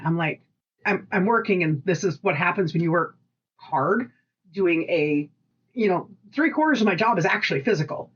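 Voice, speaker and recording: A woman co-hosting a casual podcast, telling animated work stories, acting out voices and swearing freely. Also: on the low side, moderate pace, breathy edge, dull audio. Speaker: podcast co-host. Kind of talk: casual storytelling chat.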